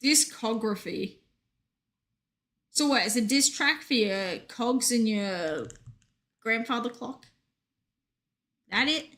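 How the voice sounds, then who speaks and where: A woman's voice: a little high, expressive, slow pace, long pauses, fairly bright tone. An Australian woman streaming a game, chatting casually in a jokey, rambling way and answering her chat.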